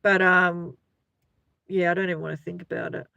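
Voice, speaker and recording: A woman's voice: fairly low pitch, little pitch movement, normal speed, gravelly, bright, forceful tone, dry recording, highs cut off. An Australian woman hosting a casual live chat, laughing often and talking to her viewers by name. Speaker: livestream host.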